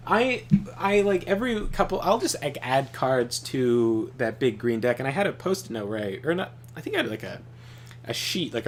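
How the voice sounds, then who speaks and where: A young man chats while he plays a game on stream, swearing freely as he tells animated stories. His voice sits at an ordinary middle pitch, and faint noise hums behind him. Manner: animated storytelling, swears often. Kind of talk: casual chat while gaming.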